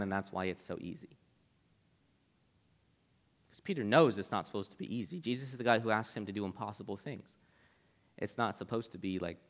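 A young preacher talks through a Bible passage in a loose, conversational way, full of "like" and quick asides. His voice sits at an ordinary middle pitch for a man. A long reverb trails behind him, as in a large hall. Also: a bit bright. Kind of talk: casual Bible teaching.

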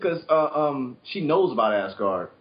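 A man chatting casually about a movie, animated and profane, laughing often and acting out lines. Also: mid-range voice, measured pace, dull audio, a crowd in the background.

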